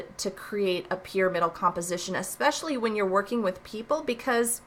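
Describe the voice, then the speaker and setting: Slow, emphatic woman teaching art. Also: medium pitch, bright, forceful tone. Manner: explanatory, leans on emphatic repeated phrases. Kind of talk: recorded test review lesson.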